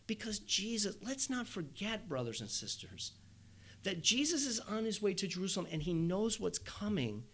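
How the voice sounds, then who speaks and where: Man, preacher, sermon, high voice, very lively intonation, rhetorical questions. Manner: animated, acts out quoted voices, rhetorical questions. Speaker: pastor.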